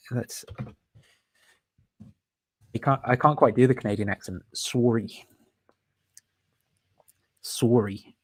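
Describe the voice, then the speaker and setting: A man's voice: medium pitch, slow, long pauses, dry recording. A man hosting a casual livestream, rambling and thinking aloud with frequent fillers and self-amused laughs. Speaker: host.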